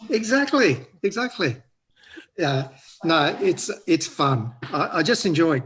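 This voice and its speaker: A man calling in to a talk show, telling a playful story slowly. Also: on the high side, big pitch swings, fairly bright tone, a little hiss or hum. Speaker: caller. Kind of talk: casual chat.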